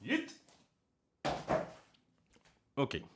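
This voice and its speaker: A man's voice: very slow, a bit bright. A man speaking English in a put-on French accent, chatting casually on a live stream in a rambling, playful, self-mocking way from his home. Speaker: streamer and voice actor. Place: at home, indoors.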